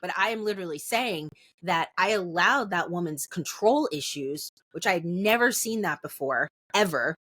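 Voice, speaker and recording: A woman in her thirties hosting a podcast, telling a story candidly and acting out the other voices with big jumps in pitch, swearing freely. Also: animated, normal speed, fairly bright tone, dry recording. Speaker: podcast host.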